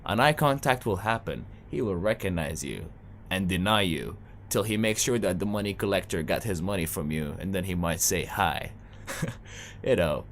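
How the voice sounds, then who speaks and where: A man's voice: low voice, lively intonation, normal speed, slight background noise. A young Sudanese man performing a stand-up comedy set, telling stories in a loose, chatty way. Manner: loose, conversational storytelling with playful asides.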